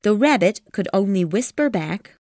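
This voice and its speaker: A woman narrating an abridged classic storybook audiobook in a calm, measured reading. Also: medium pitch, no echo, studio quality.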